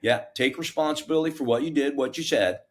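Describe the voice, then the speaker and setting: A middle-aged man and fire captain, telling a story in a casual interview in an animated, self-mocking, plain-spoken way with many restarts. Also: medium pitch, fast. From United States.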